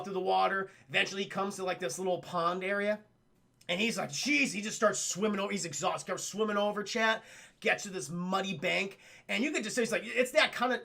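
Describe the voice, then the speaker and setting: A man's voice: high-pitched, pushed and bright. A man recapping a film scene by scene for his live chat, laughing, swearing and acting out the characters' lines. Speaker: streamer reviewing a film.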